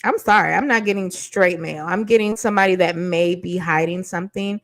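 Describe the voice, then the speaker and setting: A woman's voice: on the low side, a little fast, no room sound, rough recording. A woman giving blunt, sassy commentary on a reality dating show, casual and mocking.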